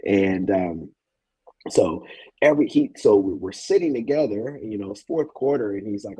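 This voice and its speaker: A man in his thirties speaks as an interview guest, thinking back over a memorable game. His voice sits low and sounds a little husky. He talks in a halting, reflective way, often pausing on fillers, and the dry recording keeps him close and plain. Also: big pitch swings, warm tone, dry recording, rough recording. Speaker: former college football player as guest. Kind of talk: casual interview storytelling.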